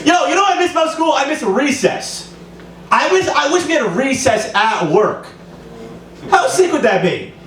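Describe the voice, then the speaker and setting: A man's voice: extremely high pitch, sing-song, moderate pace, a bit bright, slight background noise. A young man in his twenties doing loose, profane, rambling open-mic stand-up in a small club. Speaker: stand-up comedian. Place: small comedy club stage. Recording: roomy room sound from a distance.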